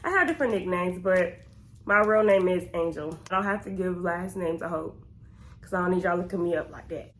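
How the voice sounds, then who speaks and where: A woman's voice: lowish voice, brisk. A woman, talking to her viewers in a candid, slangy get-to-know-me Q&A. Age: 20s. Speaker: vlogger.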